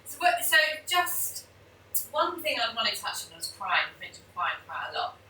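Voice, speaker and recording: A woman hosting a podcast interview, asking gentle, supportive questions. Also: on the high side, sing-song, moderate pace, slight background noise. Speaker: podcast host. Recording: echoey room, mic at a distance.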